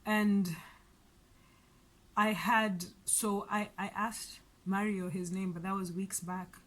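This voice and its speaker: A woman's voice: medium pitch, steady tone, slow pace. A woman vlogger telling a story about her day in a chatty, rambling way, with frequent restarts and light laughs. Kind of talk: casual storytelling vlog.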